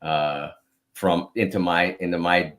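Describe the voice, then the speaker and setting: A man's voice: low-pitched, fairly even intonation, measured pace, fairly bright tone. A man grew up around Pittsburgh, a sports writer guest on a radio show who explains things with many stammered repeats. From Pittsburgh area. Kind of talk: casual radio interview chat.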